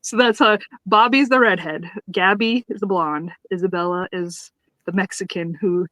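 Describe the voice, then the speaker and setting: A woman's voice: on the low side, steady tone, normal speed, fairly bright tone, no room sound, low-quality recording. A woman co-hosting a podcast, retelling sitcom scenes in casual chat, laughing often and acting out the characters' lines. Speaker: podcast co-host.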